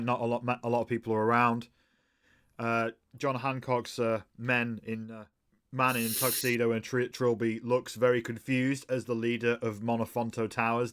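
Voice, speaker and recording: Bright-voiced man running the game. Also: mid-range voice, smooth. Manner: relaxed narration with frequent fillers. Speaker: game master. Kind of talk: narrating a tabletop game.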